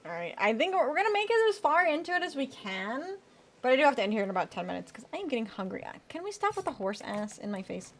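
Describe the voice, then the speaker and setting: A woman's voice: high-pitched, big pitch swings, fast. A woman streaming a video game, chatting casually, reading out and answering her chat and swearing now and then. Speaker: VTuber streamer. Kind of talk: casual live-stream gameplay commentary.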